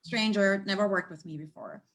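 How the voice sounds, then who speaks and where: A woman working as an animal communicator, telling stories in an animated, conversational way and laughing often. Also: mid-range voice, normal speed. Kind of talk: storytelling in a conversational interview. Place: United States.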